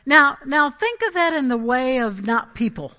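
A woman's voice: high-pitched, animated, moderate pace, bright, forceful tone. A woman preaching a Pentecostal sermon, emphatic and conversational, often checking in with the congregation.

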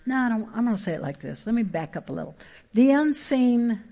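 A woman pastor, preaching a sermon in a folksy, emphatic way with quick asides and rising exhortations. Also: a little high, big pitch swings, gravelly, dark tone.

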